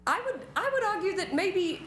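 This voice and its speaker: A woman's voice: extremely high pitch, lively intonation, moderate pace, fairly bright tone, slight background noise. A woman performing in a live improv comedy scene, talking in earnest, flustered, rambling bursts. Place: theater stage before live audience. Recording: roomy live theater with music.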